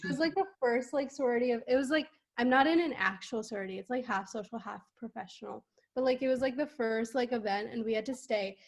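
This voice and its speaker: A woman's voice: a little high, quick pace, hardly any pauses. A young woman chatting casually as a podcast guest on a remote call, talking loosely with many fillers. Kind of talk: casual chat.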